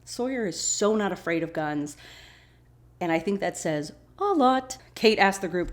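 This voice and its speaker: A woman's voice: on the low side, big pitch swings, unhurried. A woman hosting a podcast who chattily recaps a TV episode and acts out the characters' lines. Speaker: podcast host.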